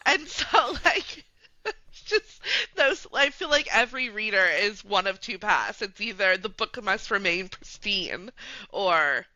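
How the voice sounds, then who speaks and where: A woman's voice: medium pitch, animated, slow, sharp tone, no echo. A woman hosting a podcast in a casual chat, giggling and laughing often. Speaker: podcast host. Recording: dull lo-fi dry sound.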